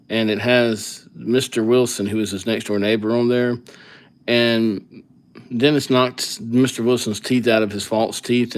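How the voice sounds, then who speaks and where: A man hosting a live calligraphy stream, chatting casually and rambling as he thinks aloud between names. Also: on the low side. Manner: rambling, easygoing, thinks aloud while writing. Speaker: livestream calligraphy host.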